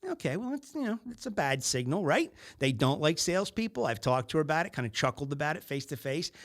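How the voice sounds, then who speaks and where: A man in middle age hosts a business podcast. He talks casually and in an animated way, and he keeps slipping into short acted-out exchanges to make his points. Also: a little high, fast. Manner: animated, acts out little scenes in other voices. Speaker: podcast host.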